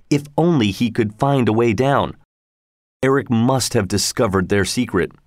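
A man narrates a storybook at an even, measured pace. His voice sits in a middle register. The recording is dry, with no room sound. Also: mid-range voice, dry recording. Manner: steady, measured reading.

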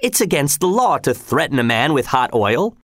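A man's voice: on the high side, big pitch swings, normal speed, fairly bright tone, no echo, studio quality, voice pushed up. A man voicing a nervous peasant leader who speaks in a raised, strained, pleading way. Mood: pleading, defiant.

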